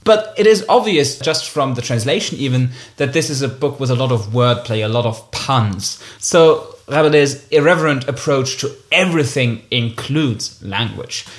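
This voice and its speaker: Animated man in a book chat. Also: mid-range voice, normal speed, few pauses. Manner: animated, self-interrupting with fillers. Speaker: co-host. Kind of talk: casual book discussion.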